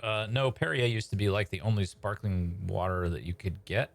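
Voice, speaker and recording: Man hosting a casual live stream, hesitant and low-pitched, faint music behind. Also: normal speed, vocal fry, no echo. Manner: hesitant, many fillers. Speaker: sketch writer and stream host.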